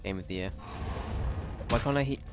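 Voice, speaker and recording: A man's voice: deep voice, normal speed, noisy background. A man streaming a video game, thinking aloud in a casual manner and swearing now and then. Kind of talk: live gameplay commentary.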